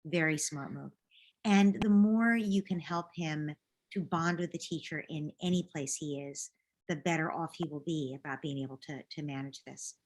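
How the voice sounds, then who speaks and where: A woman who is a parenting coach, giving gentle, reassuring advice in a live group question session over a video call. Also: deep voice, moderate pace.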